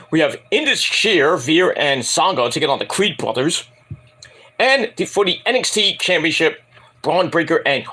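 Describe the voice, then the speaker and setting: A man's voice: on the high side, breathy edge. A man casually reviewing a wrestling show in a vlog, rambling, profane and opinionated. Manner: animated, bursts into put-on voices.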